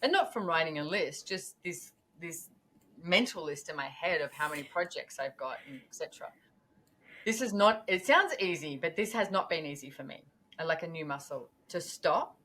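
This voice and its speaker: Woman guest on a podcast, kinda low voice, animated, acts out her thoughts, bit of noise. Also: moderate pace. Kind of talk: casual conversational interview.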